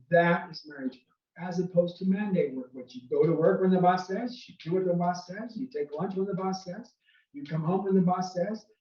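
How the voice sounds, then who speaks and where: A man's voice: sits high, reverberant, far from the mic, lo-fi sound. A man giving earnest, casual marriage advice from home, often checking in with "okay?". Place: home room near a window.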